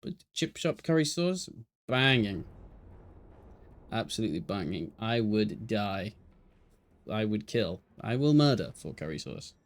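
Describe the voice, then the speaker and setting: A man's voice: fairly low pitch, sing-song, unhurried, pauses often. A young man with an English Midlands accent, chatting and joking casually as an esports caster on a live stream.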